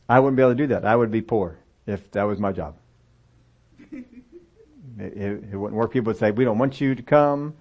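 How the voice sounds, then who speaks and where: A man's voice: lowish voice, steady tone, a little fast, pauses often. An older man preaching a sermon, reading scripture aloud and breaking into folksy, self-deprecating asides. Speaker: pastor. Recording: dull lo-fi sound.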